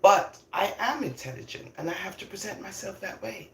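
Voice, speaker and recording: Older lady ranting on her vlog, bright lively voice, laughs a lot, echoey room. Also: mid-range voice, a little fast, creaky, a little hiss or hum. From London, England. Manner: emphatic, animated, laughs often between points. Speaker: vlogger. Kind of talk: opinionated casual monologue. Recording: roomy echo.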